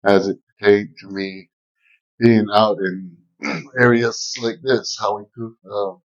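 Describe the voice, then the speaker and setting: A man in his fifties from the Zuni area, talking in a casual interview outdoors, slow and hesitant with many fillers. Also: fairly low pitch, fairly even intonation, highs cut off. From New Mexico, Zuni area. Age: 50s. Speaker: guest, cultural guide. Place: outdoors at an old village site.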